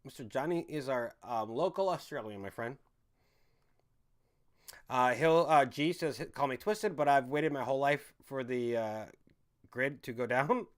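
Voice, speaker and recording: A man talks casually to his livestream chat in a loose, rambling way. His voice sits at an ordinary middle pitch. He swears freely and breaks into laughter often. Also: measured pace. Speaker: livestream host reading viewer chat. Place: home in a city.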